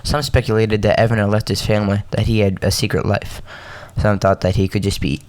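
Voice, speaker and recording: A man hosting a podcast, reading a story aloud with halting restarts and joking asides. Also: lowish voice, little pitch movement, a little mellow, no room sound. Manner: halting, self-correcting, joking asides between coughs.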